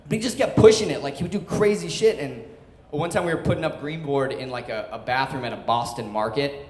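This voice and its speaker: A man's voice: medium pitch, animated, fast talker, darkish tone. A young man in his twenties telling a story on stage, loose and chatty, full of "like" and laughs. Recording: echoey hall.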